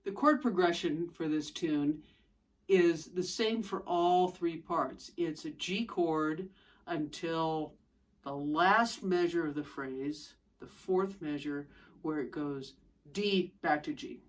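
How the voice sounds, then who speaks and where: A woman's voice: sits low, slow. Woman fiddle teacher explaining bowing. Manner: clear step-by-step explaining, demonstrating on fiddle. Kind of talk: instructional lesson. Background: fiddle playing between explanations.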